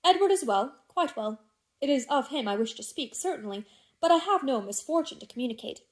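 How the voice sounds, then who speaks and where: A woman reading the part of a smooth, persuasive older gentleman in a classic novel. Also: sits high, lively intonation, fairly quick. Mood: soothing. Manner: silky, persuasive, falsely tender.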